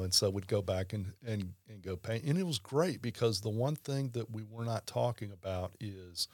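A man hosting a casual podcast chat, telling rambling stories with lively asides. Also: lowish voice, normal speed, no room sound, studio quality. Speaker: podcast host.

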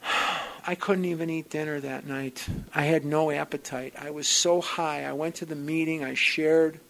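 A man with a gravelly, slightly high voice tells a personal story to a recovery group. He is animated and wry, jumping from loud outbursts to hushed asides. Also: unhurried, poor audio. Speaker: speaker sharing at a recovery program gathering.

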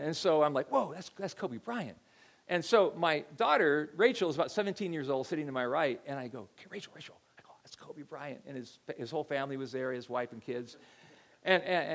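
A middle-aged man preaches from the pulpit in a relaxed, conversational way, stumbling over repeated words as he tells a story. His voice sits a touch higher than most men's. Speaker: pastor. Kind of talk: sermon.

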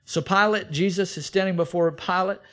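Guy preaching a sermon, gets worked up acting out the characters, kinda high pitched. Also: brisk. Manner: animated preaching, acts out biblical figures with raised voice. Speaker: pastor. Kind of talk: expository sermon.

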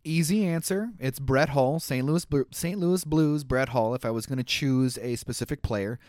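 A man's voice: medium pitch, normal speed, a little mellow, dry recording, clean studio sound. A man in his thirties from Minnesota hosting a podcast, chatty and playful with easy laughs. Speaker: podcast host. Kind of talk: casual chat.

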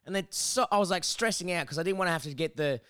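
A man's voice: high voice, fast talker, clean tone, no echo, clean studio sound. A man with an Australian accent telling a long story on a podcast, swearing freely and acting out both sides of the conversation. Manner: sweary, animated storyteller who acts out both sides of exchanges. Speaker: podcast co-host. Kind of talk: casual storytelling chat.

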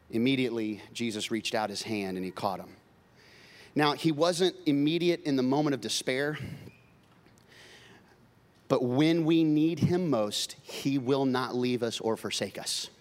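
A man preaching a sermon as pastor, swinging from loud, excited bursts to quiet, earnest passages. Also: mid-range voice. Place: church sanctuary. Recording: long reverb of a large hall.

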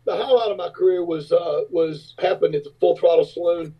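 On a casual interview, a rock singer and businessman appears as a guest, telling stories with real enthusiasm at a fairly quick clip. His husky voice runs a bit high for a man, and he slips into squeaky, high-pitched voices to act out other people. The recording is dull and lo-fi.

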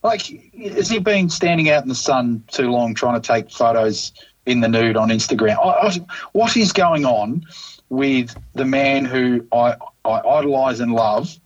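A man with an Australian accent co-hosting a casual golf podcast, ranting in an animated, exasperated way. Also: mid-range voice, moderate pace, highs cut off. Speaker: podcast co-host.

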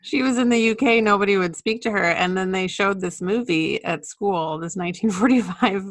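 A woman co-hosting a podcast, casually telling stories and trivia in a relaxed way. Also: medium pitch, normal speed, dry recording, clean studio sound. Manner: relaxed storytelling, sharing facts with soft laughs. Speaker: podcast co-host. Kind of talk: casual chat.

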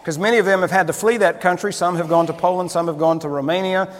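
A man's voice: sits high, steady tone, quick pace, big-room sound. A male pastor preaching a sermon in a conversational, storytelling manner with frequent restarts.

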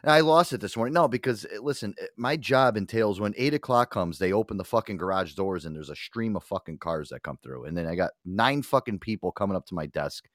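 A middle-aged man with a low voice that swings widely as he tells a story, cursing constantly and acting out what everyone said. The recording is close and dry, with no room sound. He talks the way a podcast co-host does among friends. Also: brisk, few pauses, no room sound. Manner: profane, animated storytelling with acted-out quotes. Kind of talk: casual podcast chat.

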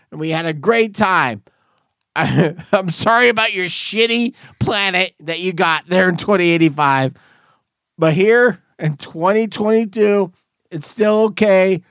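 A man's voice: high-pitched, measured pace, a bit bright, dry recording. A man hosting a podcast from a garage studio, rambling and laughing through tipsy banter. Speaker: podcast host. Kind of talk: casual chat.

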